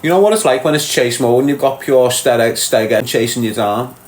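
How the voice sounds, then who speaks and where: A man's voice: mid-range voice, moderate pace. A man with a Liverpool accent hosting a livestream, answering viewer comments in a blunt, streetwise way and calling people mate and lad. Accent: Liverpool (Scouse). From Liverpool, England. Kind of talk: casual livestream chat. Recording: roomy echo with faint background noise.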